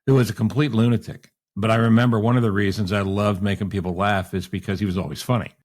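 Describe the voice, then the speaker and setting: Male talk host, relaxed and chatty, quick to react. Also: on the low side. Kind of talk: casual chat.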